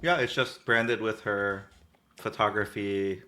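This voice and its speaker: A man's voice: fairly low pitch, steady tone, slow pace, pushed and bright. A man co-hosting a podcast in a casual, upbeat chat, laughing often. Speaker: podcast co-host.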